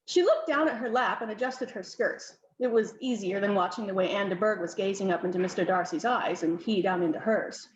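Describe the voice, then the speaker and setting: A woman's voice: mid-range voice, brisk, few pauses, echoey room, lo-fi sound, a little hiss or hum. A woman author reading her own novel aloud in an informal, non-professional way. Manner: informal, self-correcting reading.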